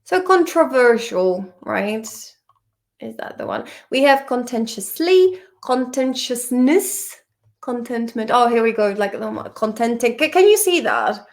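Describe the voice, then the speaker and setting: A woman runs a relaxed vocabulary lesson, speaking at an unhurried pace in a slightly high voice with a gravelly edge. She is chatty and teasing, and she curses casually at the definitions she reads. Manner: chatty, playful, swears and teases the dictionary. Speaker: English vocabulary teacher.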